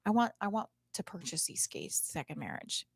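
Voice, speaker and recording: A woman's voice: fairly low pitch, huge pitch swings, moderate pace, gravelly, slightly rough, no room sound. A middle-aged woman hosting a podcast, talking in a blunt, profane, rambling comedic monologue into a close mic.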